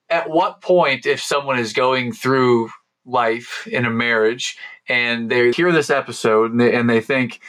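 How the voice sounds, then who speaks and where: Man, podcast host, enthusiastic, long winding questions, mid-pitched voice. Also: fairly bright tone. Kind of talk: casual interview.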